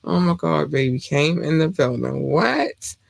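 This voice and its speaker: A man hosting a casual live-stream podcast, talking loosely and gushing through shout-outs to listeners, sometimes jumping into squealed high greetings. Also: normal speed, gravelly, no echo. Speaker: podcast host.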